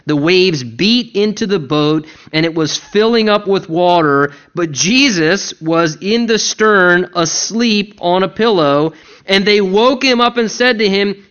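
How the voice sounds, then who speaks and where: A man's voice: a little high, a bit bright, highs cut off. A man preaching a sermon as pastor, earnest, posing rhetorical questions and acting out the people's complaints.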